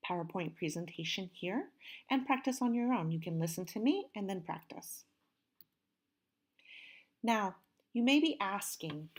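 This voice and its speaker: A woman teacher recording a pronunciation lesson, saying each word slowly and clearly. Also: on the low side. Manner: slow, carefully enunciated modeling of words.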